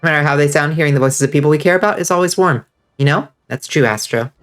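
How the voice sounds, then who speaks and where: A man with a stuffed-up nose talks his way through a game stream, chatty and excitable, cursing freely as he reacts. His voice sits a little high. Soft game music plays underneath. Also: fast talker. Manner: excitable, swears freely, reads out chat. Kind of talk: casual gaming commentary.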